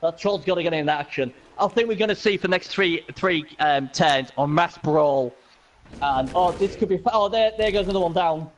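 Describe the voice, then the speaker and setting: Male co-commentator for a game match, high voice, excitable, laughs a lot, repeats himself. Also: moderate pace.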